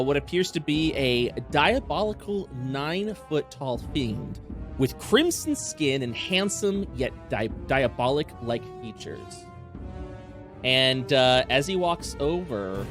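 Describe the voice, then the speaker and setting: A young adult man narrating a tabletop game as dungeon master, rambling with lots of fillers. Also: mid-range voice.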